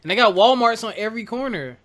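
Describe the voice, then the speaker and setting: Joking guy hosting a podcast, bright voice, a bit high. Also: expressive, quick pace, slight background noise. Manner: joking, playful banter. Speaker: podcast host. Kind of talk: casual podcast chat.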